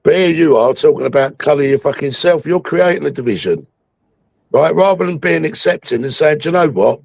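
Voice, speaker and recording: A man's voice: fairly high pitch, expressive, fairly quick, creaky, a little mellow, no echo, poor audio. A man hosting a livestream, ranting angrily with heavy swearing about politics. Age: 60s. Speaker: livestream host. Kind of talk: heated political chat.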